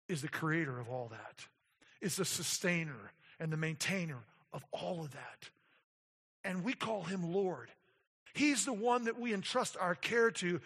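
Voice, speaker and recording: A man preaching a sermon as a pastor, moving from quiet explanation to emphatic declarations. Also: fairly high pitch, in a large hall.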